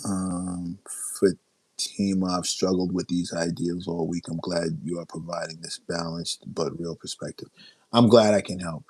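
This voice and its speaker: Deep strained male livestream host. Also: flat delivery, unhurried, a little mellow, breathy edge, no echo. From South Jamaica, Queens, New York. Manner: reading and answering viewer chat, with self-interrupting restarts. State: strained voice after a long night of yelling. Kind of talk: casual livestream commentary.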